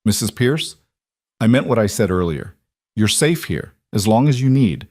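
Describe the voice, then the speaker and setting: A gentle, grieving widowed cowboy, as a man reads him in a frontier storybook. He talks softly and earnestly, in a low voice. The sound is close and dry. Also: lively intonation, normal speed, dry recording. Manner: soft-spoken, quietly earnest.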